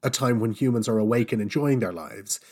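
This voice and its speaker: A man's voice: lowish voice, brisk, dark tone. A man, a parent of a young child, co-hosting a casual panel chat and ranting with emphatic mock outrage. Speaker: podcast co-host.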